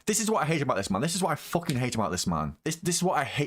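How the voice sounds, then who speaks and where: A man's voice: mid-range voice, very animated, racing. A man doing live reaction commentary, ranting angrily and swearing heavily about the person in the clip. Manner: angry, profane ranting. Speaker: reaction video host.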